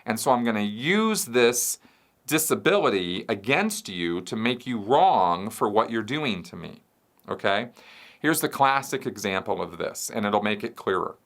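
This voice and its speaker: Bright-voiced man explaining a concept. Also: on the low side, lively intonation, measured pace. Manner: explains step by step, checks in with "right?" and "you see". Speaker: show host answering viewer questions. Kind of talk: explanatory solo talk.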